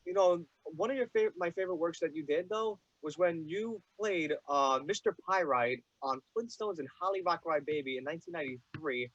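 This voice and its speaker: A young man hosting an interview, asking eager, halting fan questions with many fillers. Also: on the high side, a bit bright, no room sound. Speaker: podcast host. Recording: dull dry lo-fi mic.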